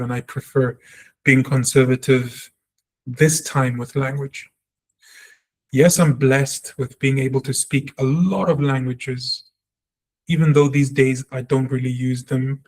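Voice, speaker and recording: A man giving a spoken language lesson, talking earnestly and reflectively, and repeating sounds slowly to show how they are said. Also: medium pitch, little pitch movement. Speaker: Hebrew teacher.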